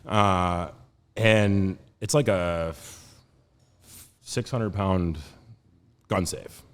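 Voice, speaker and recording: A man in his thirties, a podcast guest, telling a story in a casual, animated way with lots of laughs and fillers. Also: sits low, drawn-out words, clean tone. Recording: roomy studio reverb.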